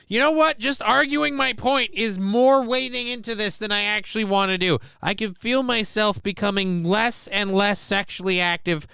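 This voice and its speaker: A man runs a casual live stream, talking with a bright, sharp-edged voice that comes through crisp and smooth. He rambles and swears freely and makes fun of himself. The sound is dry and close on the mic, with no room echo. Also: high-pitched, steady tone, moderate pace, hardly any pauses. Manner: rambling, sweary, self-mocking. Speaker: streamer host.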